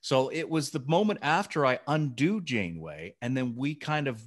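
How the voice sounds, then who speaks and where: Middle-aged man telling animated stories. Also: mid-range voice, moderate pace. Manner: animated storytelling, acting out scenes. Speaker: podcast co-host. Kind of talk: casual chat.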